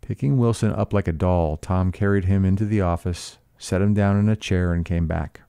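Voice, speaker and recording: A man reading a classic novel aloud in a measured, even narration. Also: low-pitched, gravelly, smooth, dry recording, studio quality. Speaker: audiobook reader.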